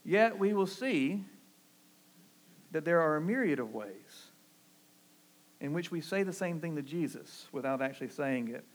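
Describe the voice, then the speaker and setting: A Southern man preaching a sermon in an earnest, pastoral way. His voice sits a little high for a man. He swings from emphatic, rising declarations to low, quiet asides. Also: lively intonation, a little slow, long pauses. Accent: Southern American. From American South. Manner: earnest preaching, rising emphatic on key phrases, dropping low and soft for quotes.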